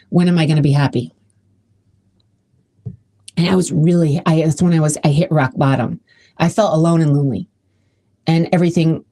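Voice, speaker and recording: Woman, podcast host, casual solo talk, mellow, fairly low voice, emotional and chatty. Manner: chatty and emotional, with many restarts.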